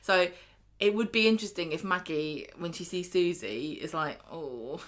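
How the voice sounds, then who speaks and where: A woman co-hosting a casual podcast, quick and questioning as she argues her points. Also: on the low side, a bit bright. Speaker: podcast co-host. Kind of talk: casual chat about a TV soap.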